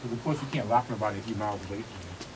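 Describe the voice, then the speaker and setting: A man's voice: lowish voice, racing, noisy background. A man teaching a vogue dance class, talking casually and a little out of breath, checking in with his students as he demonstrates. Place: dance studio with music playing. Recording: music playing behind.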